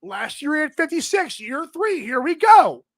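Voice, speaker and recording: A woman with a high voice hosts a sports betting podcast. She rambles casually through her picks. She often turns to talk straight to the players she is discussing. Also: very animated, normal speed.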